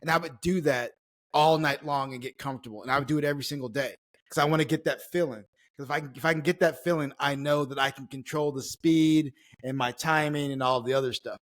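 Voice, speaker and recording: A man, a former pro baseball player, telling stories as a podcast guest, animated and acting out quoted lines. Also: fairly high pitch, quick pace. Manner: animated storyteller, acts out quotes, swears casually. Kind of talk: casual storytelling chat.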